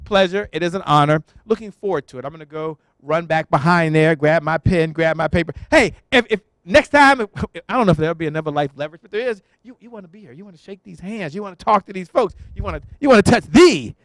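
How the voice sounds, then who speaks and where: A man working the stage as emcee of a motivational event, firing off quick, repetitive call-outs to the crowd. His voice sits high and races along. The mic keeps it dry and close. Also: animated, no echo. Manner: hyped, repetitive, call-and-response. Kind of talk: energetic stage hosting. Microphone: handheld stage mic.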